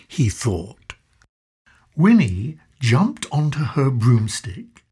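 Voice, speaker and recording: Husky low-voiced woman reading a storybook. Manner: expressive, slow storytelling. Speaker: narrator.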